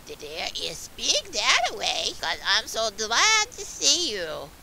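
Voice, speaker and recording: A woman's voice: a little high, wildly swooping pitch, slow, gravelly, bright, forceful tone, slight background noise, voice pushed up, full character voice, rough recording. Woman doing a sly old wolf. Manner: wheedling, with a mock growl. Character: sly old male wolf posing as grandma.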